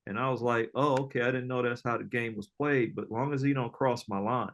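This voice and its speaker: A middle-aged man, an entrepreneur guest, telling casual stories in an animated, slangy way, often acting out other people's lines. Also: mid-range voice, fairly quick. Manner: animated storyteller, slangy, acts out quoted voices, laughs often. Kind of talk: casual storytelling interview.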